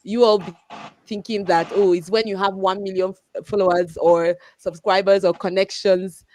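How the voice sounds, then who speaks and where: A woman's voice: medium pitch, fairly even intonation, moderate pace, darkish tone. A woman hosting a live community session, thanking speakers and introducing the next one with enthusiasm. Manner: enthusiastic, encouraging. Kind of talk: hosting a live online event.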